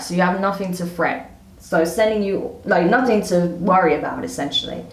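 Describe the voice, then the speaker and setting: A woman's voice: lowish voice, normal speed, far from the mic. A woman giving a casual tarot reading to camera, chatty and emphatic, often repeating herself. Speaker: tarot reader. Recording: roomy echo.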